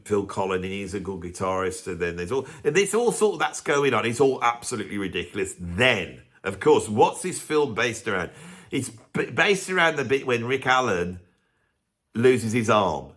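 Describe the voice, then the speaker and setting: A man talking straight to the camera in a loose, chatty way, at a middling pitch for a man. He gets animated, laughs easily and drifts into rambling asides as he goes. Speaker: video host reviewing films. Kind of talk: casual to-camera commentary.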